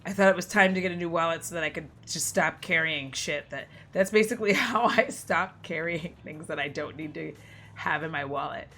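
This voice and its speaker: A woman's voice: deep voice, fairly quick, a bit bright. A woman chatting over her gameplay in a loose, unscripted way. She swears freely and laughs often, with plenty of exasperated asides. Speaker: game streamer. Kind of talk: casual gameplay commentary.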